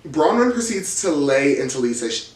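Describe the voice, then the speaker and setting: A man's voice: fairly high pitch, big pitch swings, moderate pace, far from the mic. A man hosting a casual reality TV recap, telling the drama in a gossipy, profane, dramatic way. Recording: roomy, from off the mic.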